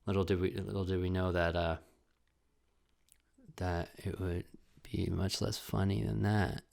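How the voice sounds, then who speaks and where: Long pauses break up the flat, creaky delivery of a young man with a low voice who talks at normal speed. He is hosting his own podcast from home as a casual solo monologue, rambling, cursing, and poking fun at himself. A desk camera mic with a ring light captures him.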